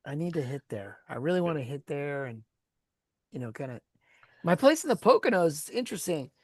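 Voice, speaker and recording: A woman's voice: low-pitched, fairly quick, dry recording, clean studio sound. A woman co-hosting a sports podcast, a former agent, telling stories in casual chat and laughing often. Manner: lively storyteller who laughs often.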